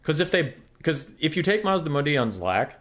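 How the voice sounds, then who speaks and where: A man's voice: on the high side, sing-song, fairly quick, fairly bright tone. A young man streaming live game commentary, chatty and answering chat questions aloud. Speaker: tournament caster and streamer. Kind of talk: casual livestream game commentary.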